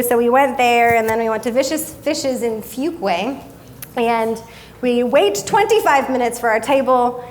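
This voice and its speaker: A woman's voice: high-pitched, a little hiss or hum. Chatty woman telling a sermon story. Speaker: guest speaker at a young adult service.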